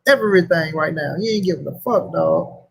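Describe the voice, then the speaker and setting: High husky-voiced man ranting. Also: expressive, brisk, low-quality recording. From St. Louis, USA. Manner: profane, slangy, repetitive rant. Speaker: boxing commentary host. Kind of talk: casual boxing talk.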